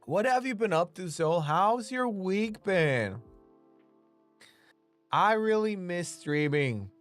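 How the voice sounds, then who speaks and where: Speaking slowly with lively intonation and a mid-range voice, a streamer talks casually with viewers during a live drawing session. There's frequent laughter, free swearing, and lots of "like," over faint background music.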